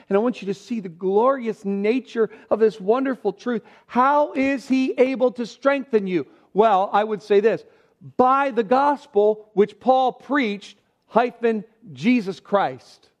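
A man preaching a sermon, reading scripture aloud and stressing key words with shifting pace and loudness. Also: high-pitched, expressive, lo-fi sound. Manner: emphatic preaching with pauses, varied pace and loudness. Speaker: pastor.

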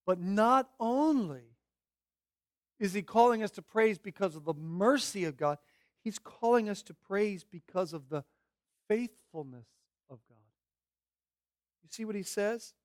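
A man preaching a sermon, moving from quiet pleading to loud, emphatic declarations. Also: sits high, animated, measured pace, pauses often, no echo, studio quality.

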